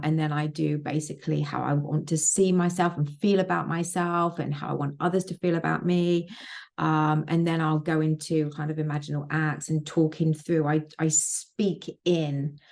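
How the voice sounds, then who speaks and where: A woman's voice: low voice, creaky, darkish tone. A woman coaching on manifestation in a casual motivational vlog, emphatic, repeating phrases and swearing freely.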